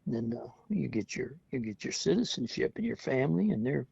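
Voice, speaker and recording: A man in his seventies, a veteran, tells stories in an oral history interview, chatty and often laughing as he acts out what people said. His mid-range voice is gravelly and husky, sing-song, a little fast and a little mellow. The recording is dull, lo-fi and dry, with no room sound.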